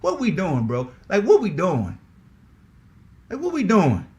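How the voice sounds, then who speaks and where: Animated man ranting on a sports podcast. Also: sits high, a little slow, highs cut off. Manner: animated, exasperated, repeats rhetorical questions. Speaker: podcast host. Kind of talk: casual sports talk.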